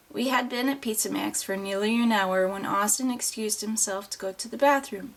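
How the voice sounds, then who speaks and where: A woman's voice: medium pitch, moderate pace, few pauses, slight background noise. Woman reading a first-person novel aloud. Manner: plain, unpolished reading with small restarts. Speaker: audiobook reader. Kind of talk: first-person audiobook narration.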